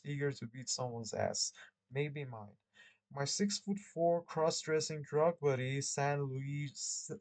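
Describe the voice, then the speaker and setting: Sex: man. Role: channel host. Style: casual chat and reading a book aloud. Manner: rambling, self-correcting, quick to laugh. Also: mid-range voice, a little mellow, low-quality recording.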